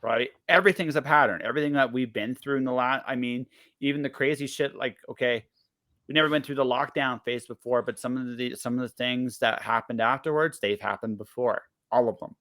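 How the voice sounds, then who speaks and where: This is a man in his forties talking on a podcast in a blunt, emphatic way. He swears casually and keeps breaking off and restarting his sentences as he works his point out. His voice sits at an everyday middle pitch for a man. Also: steady tone, a little fast, bright, forceful tone. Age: 40s. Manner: emphatic and blunt, swears freely, frequent self-interruptions.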